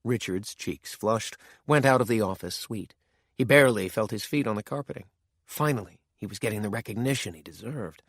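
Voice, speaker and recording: A man narrating a thriller audiobook in a measured, steady way, recorded on a close studio mic. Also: fairly low pitch, breathy edge, no room sound.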